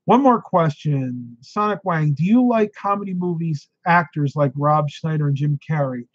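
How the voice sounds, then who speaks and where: A man's voice: on the high side, animated, normal speed, dry recording, lo-fi sound. A man hosting a live stream, chatting casually and answering viewer questions, tired and losing his voice, with frequent ums and laughs.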